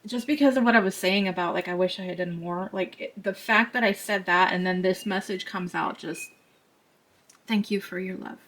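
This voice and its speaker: A woman talking gently to her viewers as she reads cards, her voice soft and tender. She is sometimes close to tears and laughs at herself. Her pitch sits in the middle for a woman. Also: a little fast, hardly any pauses, low-quality recording. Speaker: tarot reader. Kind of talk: intuitive card reading to camera.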